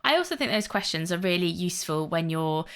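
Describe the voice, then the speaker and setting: A woman co-hosting a career podcast in casual chat, talking in an animated way and acting out inner doubts in quick asides. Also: fairly low pitch, smooth. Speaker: podcast co-host.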